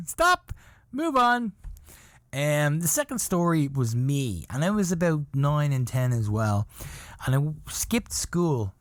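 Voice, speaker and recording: A man's voice: a little high, a little mellow, dry recording. A middle-aged man hosting a podcast, telling a casual story in a rambling, profane way full of "you know". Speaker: podcast host.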